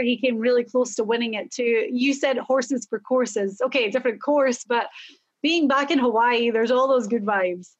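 A woman hosting a casual golf betting chat, upbeat as she reads out stats and runs the segment. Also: fairly high pitch. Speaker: golf show host.

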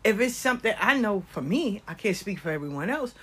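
A woman's voice: mid-range voice, very animated, a little fast, fairly bright tone, husky. An older woman with nine grandkids, talking casually and passionately about life lessons, often dropping her voice to a whisper. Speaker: speaker giving life advice. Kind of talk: casual storytelling monologue.

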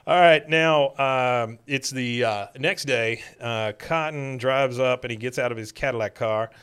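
Bright-voiced man recapping a cartoon episode. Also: medium pitch, unhurried, clear, resonant tone. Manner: rambling, filler-heavy retelling. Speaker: podcast co-host.

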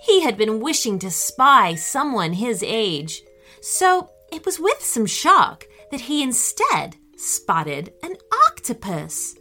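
A woman reads a children's story aloud with a bright, clear tone, slow and deliberate. Her slightly high pitch moves a lot, giving a gentle, lively, unhurried expressiveness, while soft music plays faintly in the background.

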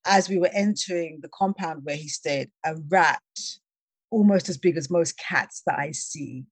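A woman telling a personal travel story in a conversation, lively and laughing, acting out the voices of the people she quotes. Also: deep voice, measured pace, slightly rough, dry recording. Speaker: guest.

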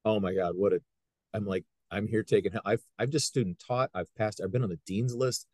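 A middle-aged man, a high school wrestling coach, telling stories in a casual interview with lots of restarts. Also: fairly quick, no room sound. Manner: animated storyteller, frequent restarts.

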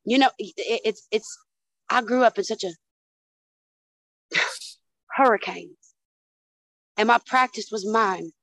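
A woman podcast guest tells her stories with animated energy, swearing freely and peppering every few words with "honey" and "dude". Her voice sits a little above the usual pitch for a woman. The sound is dry and close, with almost no room around it. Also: slow pace, long pauses, no room sound, rough recording. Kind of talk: casual chat.

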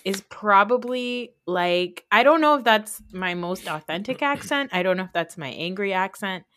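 An American woman in her thirties with a New Jersey accent hosts a podcast, rambling chattily and packing her talk with fillers. Her medium-pitched voice is fairly bright and lively in intonation, at a moderate pace, with slight background noise.

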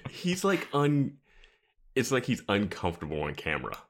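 A man's voice: fairly low pitch, wildly swooping pitch, moderate pace. A man co-hosting a podcast, chatting casually and rambling with lots of fillers and laughter. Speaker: podcast co-host. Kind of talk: casual chat.

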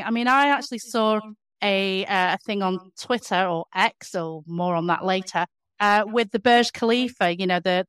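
A woman's voice: on the high side, fairly bright tone, clear, resonant tone, dry recording, studio quality. A woman co-hosting a podcast, talking casually with many fillers and easy laughter. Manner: hesitant, lots of fillers, laughs easily. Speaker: podcast co-host. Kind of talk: casual chat.

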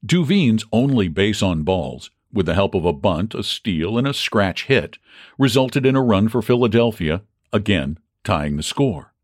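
A man's voice: lowish voice, very animated, unhurried, no room sound, studio quality. A man narrating a story as an audiobook reader, reading it expressively and calling out the crowd's cries. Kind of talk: scripted narration of a classic baseball story.

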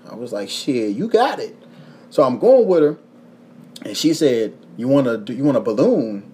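Young man, Kentucky accent, podcast host, casual storytelling, profane, mid-pitched voice. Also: sing-song, moderate pace, dark tone, a little hiss or hum. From Kentucky, USA.

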